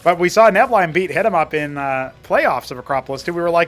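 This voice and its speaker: Chatty, fairly high-voiced male game caster. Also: animated, fast talker, few pauses, fairly bright tone, soft background music. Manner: chatty play-by-play that wanders into trivia. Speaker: esports caster and show host. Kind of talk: live game commentary.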